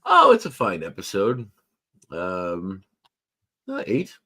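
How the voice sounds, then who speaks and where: A man with a somewhat low voice talks through a long story in a relaxed, meandering way. He peppers it with fillers and asides like a podcast host chatting with a friend. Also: slow pace. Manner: rambling, chatty storyteller with frequent fillers and laughs. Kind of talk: casual chat.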